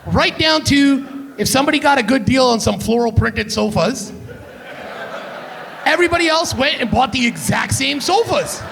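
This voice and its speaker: A man from Canada, a stand-up comedian on a theater stage, telling loud, profane family stories and keeping the crowd with him with "right?". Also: very high-pitched, lively intonation, normal speed, vocal fry, a little hiss or hum. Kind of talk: stand-up storytelling.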